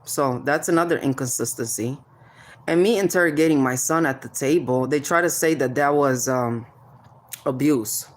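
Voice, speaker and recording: A mother speaks straight into the camera about child services, her bass voice moving at a moderate pace. She confronts officials head-on, keeps prodding them with "hmm?", calls people "baby," and warns them of spiritual payback.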